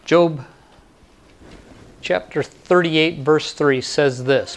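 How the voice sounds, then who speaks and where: A man's voice: on the high side, slow pace. Man preaching a conversational sermon. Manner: conversational preaching, repeats key lines for emphasis. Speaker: pastor.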